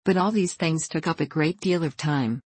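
A woman voicing a patient, sensible young woman who speaks calmly and reasonably in a storybook reading. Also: sits low, moderate pace, slightly rough, no echo. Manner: calm, reasonable.

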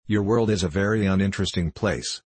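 A man's voice: low voice, brisk, slightly rough. A man reading the part of a vain, sarcastic female glass cat in a storybook, haughty and scornful.

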